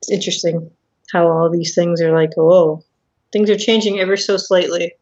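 A woman's voice: lowish voice, fairly even intonation, fairly quick, a little mellow. Female podcast co-host, casual and chatty, slightly muffled mic. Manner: chatty, laughing, acts out quotes. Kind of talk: casual chat.

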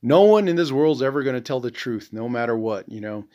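A man's voice: medium pitch, animated, brisk, warm tone, dull audio. A man from the Navajo Nation hosting a podcast, talking bluntly and profanely, full of "you know". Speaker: podcast host, veteran. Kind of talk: casual monologue.

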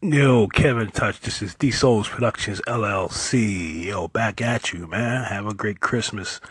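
A male caller with a husky, low voice and an easygoing delivery. The recording is dry and close. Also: a little slow, no echo. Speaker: caller, producer.

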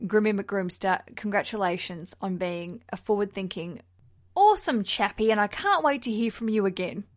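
A woman hosting a podcast, chatting casually about her topic. She sounds frank and expressive and swears now and then. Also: medium pitch, normal speed. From Australia. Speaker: podcast host. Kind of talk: casual chat.

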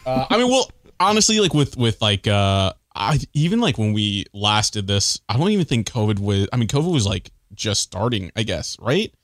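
Excitable male guest with lively pitch. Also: normal speed, few pauses, no echo. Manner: excitable, slangy, says "dude" a lot. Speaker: returning guest. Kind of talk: casual podcast chat.

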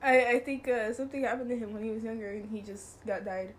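A woman's voice: fairly high pitch, steady tone, fast talker, a little hiss or hum. Giggly young woman rambling in chat. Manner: giggly, rambling, often apologizing. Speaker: podcast co-host. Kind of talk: casual chat.

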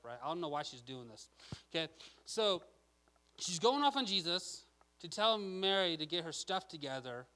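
Casual male preacher, a bit high, bright tone, conversational. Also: poor audio. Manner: casual, chatty, lots of "okay?". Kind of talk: sermon.

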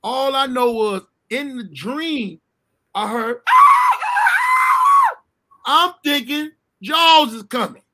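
In casual chat, a man tells a comic, profane story from his childhood, laughing often, swearing freely, and animatedly acting out other people's voices. His voice is very high-pitched with vocal fry, slow and raised.

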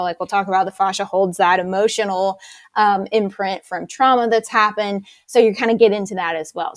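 A woman's voice: medium pitch, darkish tone, no room sound. A woman fitness instructor explaining her method in a casual interview, enthusiastic and chatty.

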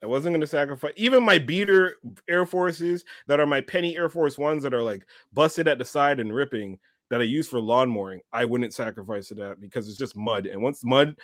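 A man's voice: medium pitch, expressive, a little fast, no room sound, studio quality. A young man co-hosting a podcast, chatting and joking in casual banter. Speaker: podcast co-host. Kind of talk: casual chat.

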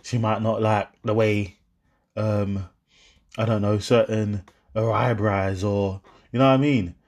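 Husky young man, animated slang. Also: on the low side, unhurried. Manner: animated, streetwise slang, acts out both sides. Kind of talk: casual monologue.

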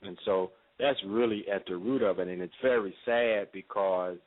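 A man giving a radio interview in a measured, preacherly way, with frequent fillers. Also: on the low side. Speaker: interview guest. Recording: phone-line audio.

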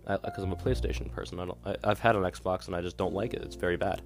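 A young man with a deep, low voice chats through a casual podcast monologue. He rambles and sounds exasperated, leaning on fillers. Guitar music plays clearly underneath him. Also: steady tone, quick pace. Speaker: podcast host.

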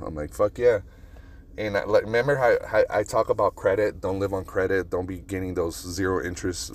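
A man with a very low voice hosts a casual solo podcast and brainstorms out loud, rambling and swearing freely. He records on a phone, and clear traffic and car noise sit behind him. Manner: rambling, profane, brainstorming aloud. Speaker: podcast host.

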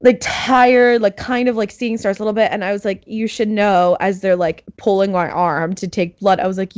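A young woman telling a story in casual chat, animated and laughing, acting out what others said. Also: medium pitch, moderate pace, hardly any pauses, dry recording. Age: young adult.

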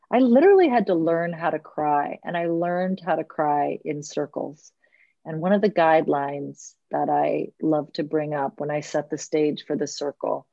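A woman's voice: deep voice, gravelly, a little mellow, dry recording. A woman guest who leads circles, telling earnest, reflective stories and acting out what others said. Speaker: podcast guest, circle facilitator. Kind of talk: podcast conversation. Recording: slightly dull, lo-fi audio.

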